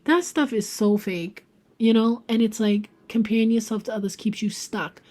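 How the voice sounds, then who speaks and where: This tarot reader speaks at a moderate pace in a fairly high voice. Chatty and emphatic, she addresses viewers directly during a relaxed pick-a-card reading, occasionally whispering softly for effect.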